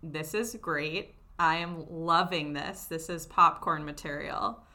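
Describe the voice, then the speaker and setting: A woman hosting a podcast, reacting with enthusiastic, expressive chat. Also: low voice, slow. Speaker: podcast host.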